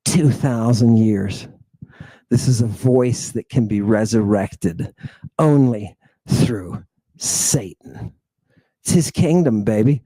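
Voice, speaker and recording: A man's voice: on the low side, takes it slowly, warm tone, breathy edge, no echo. A man giving an impassioned lecture on ancient texts. He talks emphatically, repeats his phrases and keeps checking with "right?".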